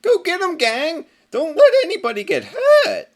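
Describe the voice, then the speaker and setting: A man voicing a cheery, excitable rabbit superhero in a shrill, exclamatory voice. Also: moderate pace, exaggerated voice. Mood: excited.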